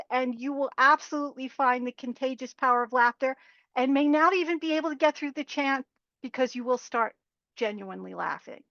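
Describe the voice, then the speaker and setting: A woman's voice: sits high, a bit bright, no echo, muffled recording. A woman presenter guiding a group through a laughter yoga exercise, upbeat and encouraging, on a webinar microphone. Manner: upbeat, encouraging, demonstrating chants. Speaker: workshop presenter.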